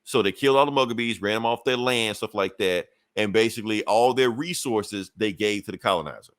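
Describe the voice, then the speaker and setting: Low-voiced man recapping a comic, profane. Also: brisk, fairly bright tone, no echo. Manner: profane, loose storytelling; laughs between points. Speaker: comic book reviewer. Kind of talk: casual comic review.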